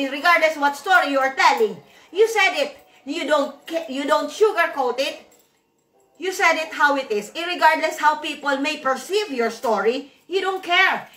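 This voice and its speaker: Woman vlogger, high bright voice, rambling storyteller who repeats her words, recorded from a distance in an echoey room. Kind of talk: casual storytelling to viewers.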